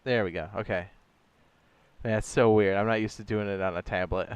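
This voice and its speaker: A man's voice: lowish voice, normal speed, clean tone, no room sound, dull audio. A man streaming a building game, chatting casually and rambling a little, with slangy asides to his viewers. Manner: relaxed, rambling, slangy ("dog", "my guy"). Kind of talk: casual livestream chat.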